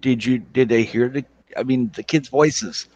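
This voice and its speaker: A male podcast host who chimes in with short reactions and quick follow-up questions. His voice is at an average pitch. The recording sounds slightly muffled. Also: a little mellow. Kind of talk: brief reactions in conversation.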